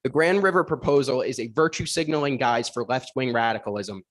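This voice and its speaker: Man, mid-pitched voice, indignant, rhetorical, read-out statement. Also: fairly quick. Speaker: public commenter. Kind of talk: prepared public comment at a school board meeting.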